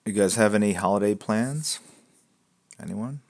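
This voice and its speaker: A man hosting a live drawing stream, chatting in a relaxed, rambling way and answering viewer questions, often dropping to a soft mutter. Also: lowish voice, normal speed. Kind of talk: casual chat with viewers while drawing.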